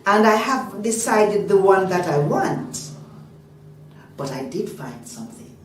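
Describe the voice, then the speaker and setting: A woman voicing Anansi, a wise old spider father, in a measured fatherly way, from a distant mic in a roomy space. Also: mid-range voice, big pitch swings, slight background noise. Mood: solemn.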